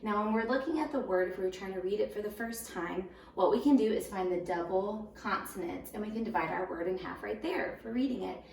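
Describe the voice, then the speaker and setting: A woman teaching first graders a recorded home lesson, patient and slow, sounding words out syllable by syllable. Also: mid-range voice, vocal fry, darkish tone. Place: home room. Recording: roomy echo, voice a bit far from the mic.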